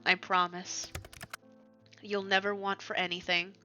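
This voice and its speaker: A woman's voice: medium pitch, flat delivery, unhurried, soft background music. A woman reading as a tender male grim reaper. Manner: soft, tender and reassuring. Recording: slightly dull lo-fi stream audio.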